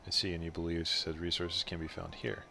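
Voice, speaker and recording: A man voicing a courteous fantasy adventurer, reading old-fashioned, courtly game dialogue aloud in a calm, steady way. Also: sits low, fairly quick, vocal fry, faint music behind, voice pushed down, heavily acted. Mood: polite.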